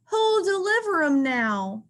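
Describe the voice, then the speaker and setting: A woman's voice: very high voice, very animated, slow pace, a bit bright, pitched above the performer's own voice, exaggerated voice. A woman reading aloud and voicing a sad little female Easter bunny.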